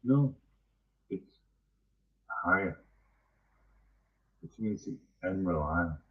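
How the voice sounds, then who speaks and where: A man's voice: low voice, animated, slow, recorded from a distance, narrow, tinny audio. A man in a rambling, profane, angry monologue. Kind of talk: ranting monologue.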